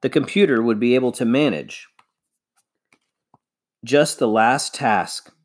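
A man reading a children's novel aloud, measured and expressive. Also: mid-range voice. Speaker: reader.

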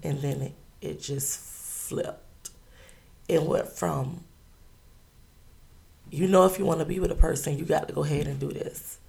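A woman telling a personal story in an interview, halting and earnest, with many pauses and restarts. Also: deep voice, fairly even intonation, creaky, a little mellow.

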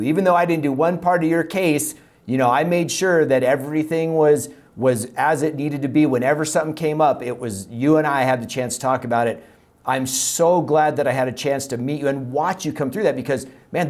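A man's voice: mid-range voice, darkish tone. Earnest man hosting a podcast. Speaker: podcast host. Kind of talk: conversational interview.

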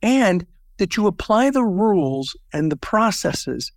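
A man's voice: high-pitched, big pitch swings, slow, no room sound, clean studio sound. An older man from Southern California, a networking organization founder telling stories and analogies as an interview guest. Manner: storytelling with quoted voices and analogies. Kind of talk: interview conversation.

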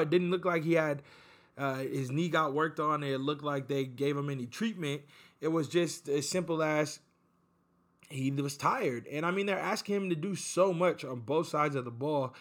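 A man's voice: a little high, a bit bright. A man hosting a casual sports recap, talking in a rambling, chatty way with frequent fillers and restarts. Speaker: sports podcast host.

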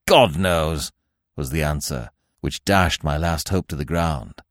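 A man narrating a classic adventure story in a theatrical, highly expressive reading. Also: normal speed, no echo, studio quality. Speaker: podcast narrator. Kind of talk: dramatic audiobook narration.

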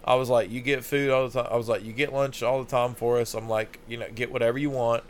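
A man's voice: mid-range voice, steady tone, fast, a little hiss or hum. A young man casually telling a funny, profane story on a podcast, laughing often. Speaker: podcast host.

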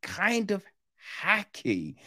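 Chatty man with a lively, swooping voice. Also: high voice, extremely slow, dry recording, studio quality. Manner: chatty and animated, with frequent tag questions and slang. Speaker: film reviewer. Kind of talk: casual spoken film review.

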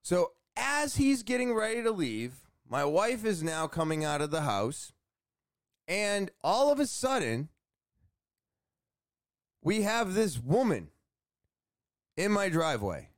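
A man's voice: high voice, sing-song, slow, pauses often. A man telling a story straight to camera in a casual, exasperated way, swearing often. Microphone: camera facing speaker.

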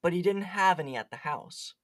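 A giggly podcast co-host in loose, casual chat with a medium-pitched voice. They read chat logs aloud, padding them with fillers and laughs. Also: animated, brisk, fairly bright tone.

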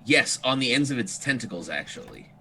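Bright-voiced man running a tabletop game. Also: medium pitch, very animated, fairly quick, gravelly, a little hiss or hum. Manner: easygoing, explains rules with frequent fillers. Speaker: game master.

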